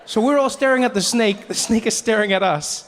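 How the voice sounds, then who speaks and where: A man performing stand-up comedy, telling a story in an animated way. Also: high-pitched, a little fast. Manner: animated, big voice swings for characters.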